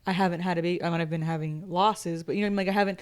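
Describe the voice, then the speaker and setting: A woman in her thirties co-hosting a book club podcast, talking in a chatty, animated way with lots of fillers. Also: on the low side, racing, smooth. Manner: chatty, says like often, animated storytelling. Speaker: podcast co-host. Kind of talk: casual chat.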